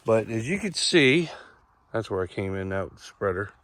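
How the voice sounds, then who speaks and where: A man's voice: on the low side, sing-song, normal speed, a bit bright. A middle-aged man with an Eastern Shore accent, a farmer walking a cornfield outdoors and explaining things plainly, repeating himself as he goes. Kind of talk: casual vlog walkthrough.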